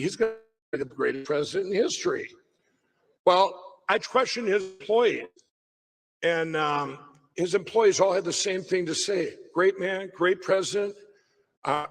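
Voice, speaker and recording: A middle-aged man with a fairly high voice tells a personal story to a crowd. He rambles, breaks off and restarts his sentences, and keeps circling back to the point. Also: a bit bright, low-quality recording. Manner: rambling, self-interrupting storyteller. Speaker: guest speaker at a summit. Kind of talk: storytelling talk on stage.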